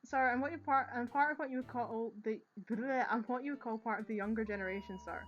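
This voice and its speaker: A woman with a Scottish accent voicing an eager, dim young male police officer who ends nearly every line with "sir", loud and earnest, reading game dialogue aloud. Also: on the high side, quick pace, highs cut off, soft background music, lightly acted.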